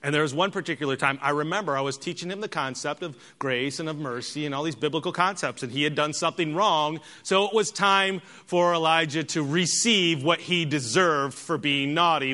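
Middle-aged male pastor, bright, forceful voice, slightly high, preaching with big dynamic swings. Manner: direct address to congregation, rhetorical questions. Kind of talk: sermon.

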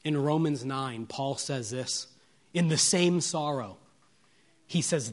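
A man preaching an expository sermon. He asks his listeners rhetorical questions and moves from soft, low lines to raised, emphatic ones. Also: slow. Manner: lingers on single words for weight.

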